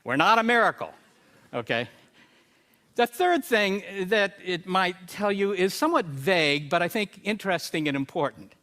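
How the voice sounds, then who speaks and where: Lively, bright-voiced man lecturing emphatically. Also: sits high, normal speed. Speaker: speaker. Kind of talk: prepared talk.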